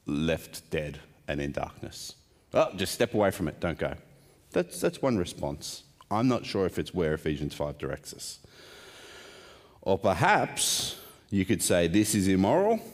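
Low-voiced guy preaching, chatty and wry, asks the room questions, big echoey hall. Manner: conversational, asks the congregation questions, wry asides. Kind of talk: sermon. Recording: long hall reverb.

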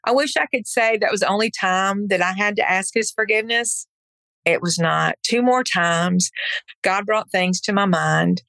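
A woman's voice: on the low side, gravelly, fairly bright tone, dry recording. A middle-aged woman, a podcast guest, telling a personal testimony in an earnest, emphatic way and acting out her own past words. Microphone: podcast microphone.

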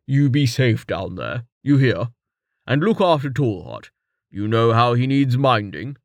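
A man voicing a calm, wise man who speaks slowly and gently. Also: mid-range voice, no room sound, clean studio sound. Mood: caring. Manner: slow, measured, gentle.

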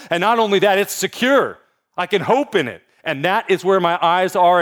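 Male pastor, sermon delivery, hushed lows rising to announcer-style highs. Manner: swings from hushed emphasis to loud announcer-like build-ups. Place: church in Sacramento.

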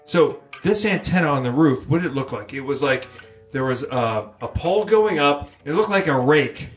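A man's voice: on the high side, animated, moderate pace. Joking man reminiscing, faint music. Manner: joking, rambling, crude asides. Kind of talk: casual banter.

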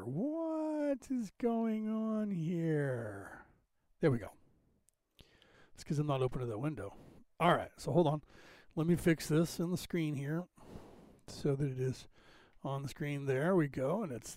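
A rambling man in his fifties with a plain West Coast American accent talks casually on his podcast stream and thinks aloud as he goes. His voice sits a bit high for a man. The sound is dry and close, with no room around it. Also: a little mellow, dry recording. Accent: General American, West Coast. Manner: rambling, chatty, thinks aloud while fixing the screen. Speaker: podcast host. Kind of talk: casual livestream commentary.

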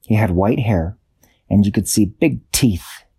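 A man improvising a children's bedtime story, unhurried, searching for words and correcting himself. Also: lowish voice, lively intonation, dark tone, breathy edge.

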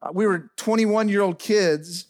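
A middle-aged man preaching a sermon as pastor in a church, dropping soft and low as he speaks over piano. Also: unhurried. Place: church sanctuary. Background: faint piano playing.

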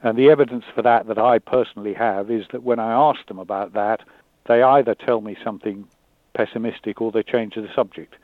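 A man's voice: lowish voice, steady tone, a little fast, dry recording. Man on a tinny line. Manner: hesitant, repeats words, thoughtful. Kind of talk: candid conversation. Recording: dry tinny phone-like line.

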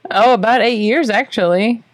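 A woman in her late twenties, co-hosting a podcast in casual chat, teasing and quick to giggle. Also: fairly high pitch. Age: late 20s. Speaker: podcast co-host.

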